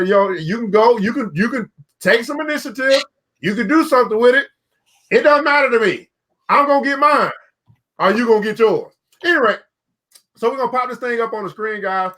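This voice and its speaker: A man's voice: high-pitched, bright, forceful tone. A man hosting a casual online talk about making money, folksy and preachy, often repeating himself as he explains. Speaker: show host. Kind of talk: casual business talk to camera.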